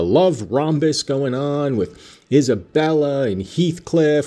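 A man's voice: mid-range voice, mellow. A man hosting a podcast, talking in a dry, self-mocking, digressive monologue. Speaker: podcast host. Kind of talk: casual rambling monologue. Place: home in Savannah.

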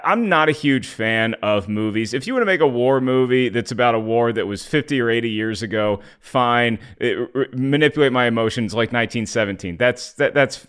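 A man's voice: medium pitch, a bit bright. Wry, opinionated man podcast co-host. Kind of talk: casual film discussion.

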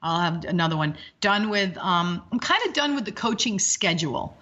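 A woman's voice: on the low side, moderate pace, muffled recording. A woman in her fifties, a hockey coach, chatting energetically as an interview guest and telling rambling stories. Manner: energetic, rambling, animated storytelling. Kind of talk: casual interview chat.

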